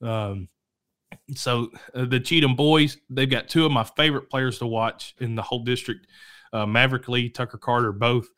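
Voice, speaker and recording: A man hosting a local high school sports show, talking casually and rambling, correcting himself and coughing now and then. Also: fairly even intonation, moderate pace, fairly bright tone. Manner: rambling, self-correcting, chatty. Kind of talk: casual sports talk to camera.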